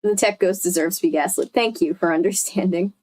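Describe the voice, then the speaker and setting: A woman's voice: on the low side, a little fast, darkish tone. A woman reading a book aloud, breaking off often to react and laugh. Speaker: host.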